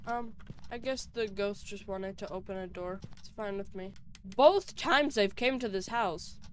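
A woman's voice: mid-range voice, unhurried. A young woman giving nervous, chatty commentary while playing a horror game alone, with jumpy reactions. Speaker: gaming YouTuber.

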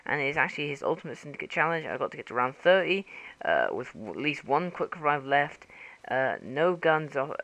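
A man's voice: a little high, pushed and bright, slight background noise. A man gives casual, rambling game commentary into a gaming headset, full of fillers and restarts, with a cough.

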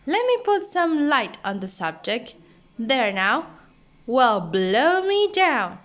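A woman voicing an excitable little male monkey sailor in a squeaky, exclaiming voice for a read-aloud storybook. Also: slow pace, exaggerated voice. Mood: excited. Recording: dull lo-fi audio.

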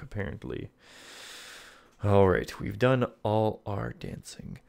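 A man's voice: lowish voice, big pitch swings, slow pace, creaky, darkish tone. A man playing a text adventure, reading the game text aloud and making wry asides to himself. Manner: reads game text and comments wryly to himself. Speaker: let's player.

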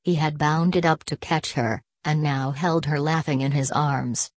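Woman narrator, low pitch, dry close sound, measured audiobook reading. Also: fairly even intonation, no echo. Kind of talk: scripted narration.

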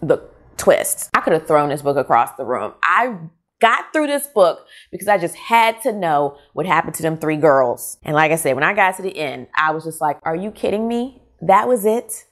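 A middle-aged woman chats casually about her reading, frank and openly exasperated. Her voice sits low yet leaps around with lively pitch. She sounds like a regular book vlogger talking straight to her viewers. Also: moderate pace. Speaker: book reviewer. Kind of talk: casual book review vlog.

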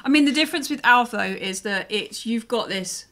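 A woman in her forties, co-hosting a casual podcast chat in a chatty, animated way with frank mild swearing. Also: a little high, moderate pace. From United Kingdom. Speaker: podcast co-host.

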